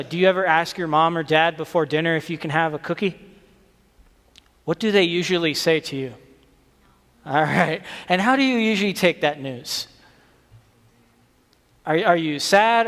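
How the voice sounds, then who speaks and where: A man's voice: a little high, fairly bright tone. Man giving a children's sermon in a reverberant church. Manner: friendly, question-asking, with frequent restarts. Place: church sanctuary.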